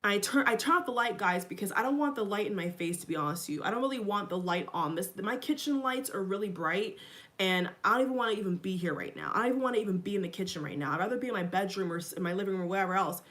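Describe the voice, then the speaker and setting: A woman's voice: medium pitch, lively intonation, very fast, a bit bright. Angry, rattled woman ranting to her phone. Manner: upset and agitated, repeats herself, swears. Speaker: vlogger. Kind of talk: casual vlog rant. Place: her kitchen at home. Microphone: phone camera.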